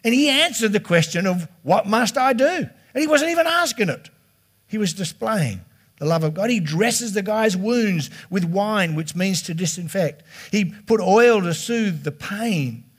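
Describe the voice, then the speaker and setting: A man's voice: high-pitched, animated, normal speed, breathy edge. A middle-aged man preaching a sermon as pastor in a chatty, conversational way. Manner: chatty and conversational, slipping into quoted voices.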